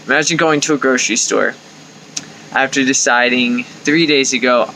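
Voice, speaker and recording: Young male vlog host, bright and tense tone, chatty coaching delivery that acts out inner voices. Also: medium pitch, normal speed, a little hiss or hum, rough recording. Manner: conversational, acts out inner thoughts with lively quoted asides. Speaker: life coach and video host. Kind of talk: casual talking-to-camera advice.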